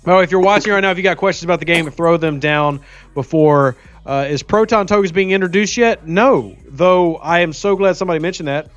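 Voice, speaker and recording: A man's voice: high voice, a little fast, fairly bright tone, no echo, highs cut off, faint music behind. A man from Louisiana with a light Southern accent, hosting a casual gaming livestream and reading viewer comments aloud. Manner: chatty, reads viewer comments aloud, teasing. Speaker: livestream host.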